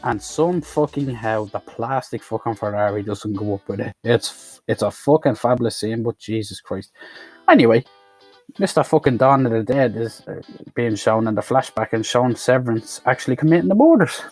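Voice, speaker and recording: An Irish man reviews a film with a profane, mocking comic recap, ranting and swearing as he goes. His mid-range voice has lively intonation at a moderate pace, with soft music in the background.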